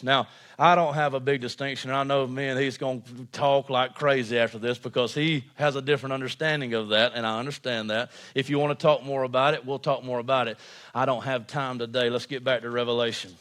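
A man preaching a sermon to his congregation, animated and expressive, swinging between loud emphatic lines and hushed ones. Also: mid-range voice, a little fast. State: out of breath. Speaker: pastor.

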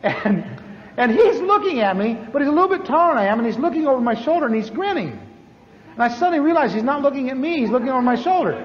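A man preaching a sermon as a story, animated and acting out the voices of the people in it. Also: fast talker. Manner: animated, acts out dialogue with big pitch swings. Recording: echoey hall, dull lo-fi sound with faint noise.

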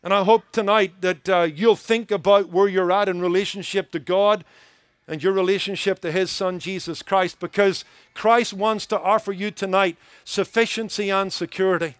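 A man's voice: sits high, steady tone, normal speed, fairly bright tone, smooth, no room sound. A man preaching a sermon as pastor, earnest and emphatic, building points through rhythmic repetition.

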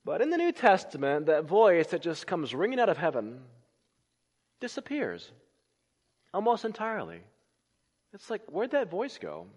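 A man preaching a sermon, swinging between loud emphatic lines and hushed, low phrases. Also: wildly swooping pitch, moderate pace, pauses often, husky. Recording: long reverb of a large hall.

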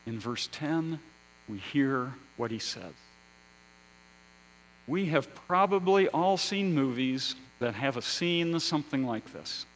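Slow, measured male preacher. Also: mid-range voice, animated, low-quality recording. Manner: slow, measured preaching with rising emphasis and hushed endings. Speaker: pastor. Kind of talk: sermon.

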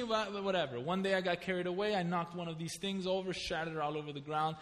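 High, bright-voiced man preaching a sermon. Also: brisk, hardly any pauses. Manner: storytelling preacher, animated, asks the congregation questions. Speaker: pastor. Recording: reverberant hall.

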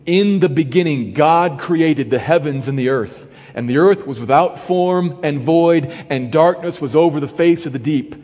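Man, Bible teaching, emphatic, short phrases, husky, reverberant hall. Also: fairly high pitch, darkish tone. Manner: earnest, emphatic, pauses between phrases.

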